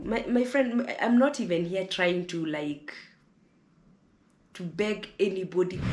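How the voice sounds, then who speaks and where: A woman's voice: mid-range voice, a little mellow, echoey room. A Kenyan woman vlogger speaking to camera in an impassioned monologue, fiery and preachy, often repeating words as she gets heated.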